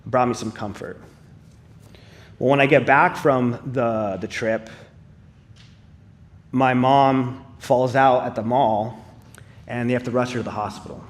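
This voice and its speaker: Man, live church testimony, earnest, conversational, middle pitch. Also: fairly even intonation, a little slow, long pauses. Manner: earnest, conversational storytelling with casual fillers. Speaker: speaker sharing a personal testimony.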